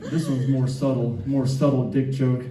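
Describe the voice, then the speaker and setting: A man's voice: medium pitch, fairly even intonation, normal speed, background noise. Southern man in his fifties doing stand-up. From Atlanta, US South. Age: 50s. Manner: self-deprecating, rambling with asides to the crowd. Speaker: stand-up comedian. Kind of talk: live stand-up set. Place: club stage with live audience. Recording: echoey room, distant mic, crowd laughter.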